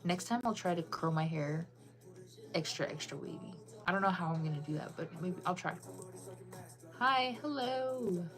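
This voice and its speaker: A woman's voice: deep voice, steady tone, a little fast, soft background music. A woman chatting casually with viewers on a live stream, bubbly and full of "like" fillers.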